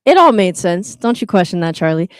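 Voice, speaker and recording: A woman's voice: on the low side, very animated, brisk, dry recording. Playful woman hosting a live open mic, teasing the crowd, dry close mic. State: out of breath. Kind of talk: live event hosting and poetry reading. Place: live venue with an audience.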